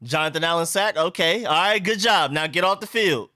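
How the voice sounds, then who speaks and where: A man's voice: a little high, brisk, sharp tone, no echo, clean studio sound. A young man hosting a live stream, chatting loosely and reading out viewer comments. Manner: loose and conversational, reads out chat comments. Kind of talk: casual live-stream chat.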